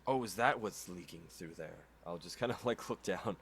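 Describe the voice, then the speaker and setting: A man playing in a tabletop game, speaking in a calm, low-key way. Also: normal speed, creaky, breathy edge, no echo. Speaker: player. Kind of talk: tabletop role-play chat.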